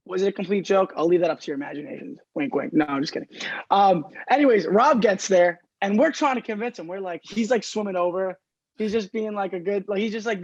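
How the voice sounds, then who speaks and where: A man's voice: sits high, brisk, no room sound. A man, chatting as a podcast guest over a video call, laughing often and filling his talk with "like". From Staten Island, New York. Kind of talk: casual chat. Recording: slightly dull lo-fi call audio.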